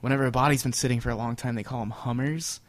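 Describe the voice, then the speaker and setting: A man's voice: medium pitch, steady tone, rapid-fire, no room sound. Laid-back man telling rambling stories, dry sound. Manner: laid-back, rambling storytelling with fillers and swearing. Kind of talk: casual chat.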